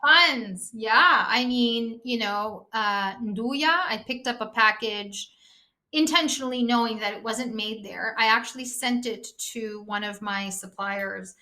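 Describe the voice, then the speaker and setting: A woman's voice: on the high side, measured pace, pushed and bright. A woman guest, a private chef, talking in a blunt, passionate way and swearing freely in a casual interview chat. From Canada.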